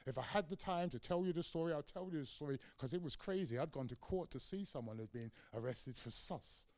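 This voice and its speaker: A man's voice: on the high side, brisk, dry recording. A middle-aged man giving a lecture, telling a personal story with lots of life and acting out the voices in it. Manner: animated storyteller, acts out quotes, varies loudness widely. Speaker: guest lecturer. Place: lecture hall.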